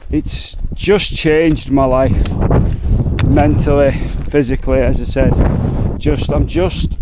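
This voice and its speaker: A man in his forties speaks slowly and reflectively with a slightly raised voice. He sounds heartfelt and chatty as he talks to the camera outdoors. Clear wind and outdoor noise sit behind him. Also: on the high side. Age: 40s. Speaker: hiking vlogger. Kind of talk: emotional hiking vlog. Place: outdoors in mountains by a lake.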